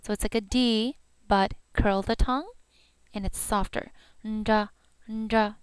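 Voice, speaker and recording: A woman teaching pronunciation at a slow, unhurried pace, repeating each sound patiently. Her voice is smooth and clean, recorded close and dry with no room echo. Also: mid-range voice, fairly even intonation. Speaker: language teacher.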